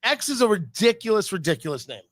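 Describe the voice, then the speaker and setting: Host, male; high, bright voice; emphatic, stammering opinions in a loose chat. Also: big pitch swings, fast. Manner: opinionated, emphatic, stumbling restarts. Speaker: podcast host. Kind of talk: casual chat about football.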